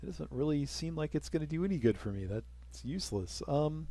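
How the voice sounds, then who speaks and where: Gravelly man muttering sarcastic game commentary. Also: fairly high pitch, lively intonation, a little fast, dark tone. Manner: sarcastic, mutters asides, breaks into snippets of song. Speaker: gameplay commentator. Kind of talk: casual let's-play commentary.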